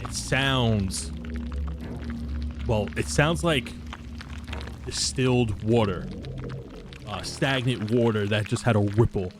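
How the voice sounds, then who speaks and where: Guy dm-ing a tabletop game, middle voice, takes his time describing stuff, music in the back. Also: medium pitch. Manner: descriptive, drawn-out narration with pauses. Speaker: game master. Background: background music.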